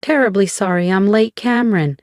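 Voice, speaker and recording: A woman reading the part of a refined, genial British lord with a British accent and a polished, gently amused manner. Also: mid-range voice, normal speed, dry recording, studio quality, pitched above the performer's own voice, natural voice. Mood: genteel amused. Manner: polished, chuckling, genteel.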